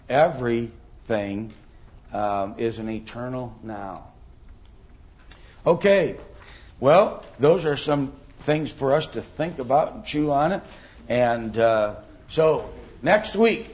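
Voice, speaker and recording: A man's voice: mid-range voice, a little mellow, lo-fi sound. A middle-aged man teaching a Bible class, thinking aloud with many ums and rhetorical questions.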